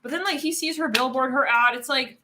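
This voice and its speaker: A woman's voice: high-pitched, fairly quick, sharp tone, a little hiss or hum. A woman giving a casual live tarot reading, rambling with many fillers, swearing and laughing often. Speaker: tarot card reader.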